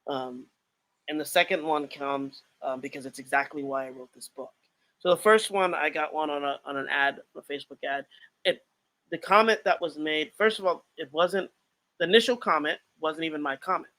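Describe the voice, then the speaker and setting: A man's voice: on the high side, moderate pace, bright, forceful tone. A man co-hosting a casual podcast about writing, talking earnestly and reflectively with many fillers. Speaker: author and podcast co-host.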